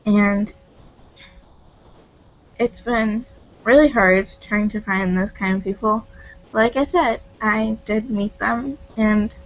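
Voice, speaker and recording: A woman vlogger speaking in a halting, heartfelt confessional monologue, close to tears, with many hesitant pauses. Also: mid-range voice, fairly even intonation, dull audio. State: tearful, on the verge of crying.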